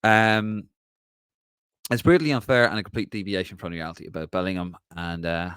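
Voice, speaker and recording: A low-voiced man hosts a relaxed solo live stream and talks in a rambling, chatty way. He greets viewers and reads out their comments, and the sound is dry and close to the mic. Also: brisk, clear, resonant tone, no echo. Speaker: podcast host.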